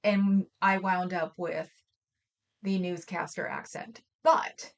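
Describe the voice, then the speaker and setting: A woman's voice: fairly low pitch, fairly even intonation, takes it slowly. A woman from Oakland, California, co-hosting a livestream in casual, rambling chat full of stories and fillers. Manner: rambling, storytelling, trails off with fillers. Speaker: livestream co-host.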